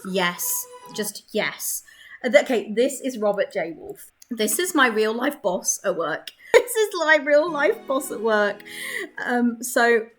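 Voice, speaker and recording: A young woman chatting excitedly while playing a life-sim game, laughing often. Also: fairly high pitch, takes it slowly, faint music behind. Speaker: gaming creator. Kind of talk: casual gameplay commentary.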